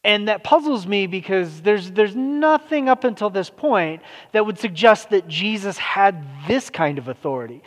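A man preaching a sermon in a loose, conversational way, full of fillers and restarts. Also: sits high. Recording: long hall reverb.

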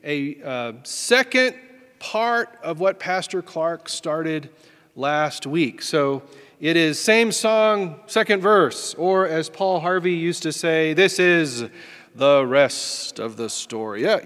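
A man's voice: a little high, a bit bright, in a large hall. A man preaching a sermon as pastor, in a folksy, self-deprecating way.

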